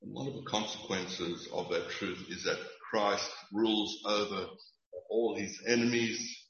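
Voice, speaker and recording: A man preaching a sermon in an earnest, emphatic and measured way, with occasional restarts. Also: fairly low pitch, steady tone, a bit bright, roomy sound, muffled recording. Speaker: pastor.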